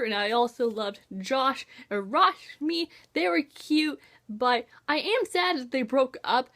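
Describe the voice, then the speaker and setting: A woman reviewing a book on her vlog in a gushing, bubbly way, full of "like" and "oh my gosh", with lively swings in pitch and loudness.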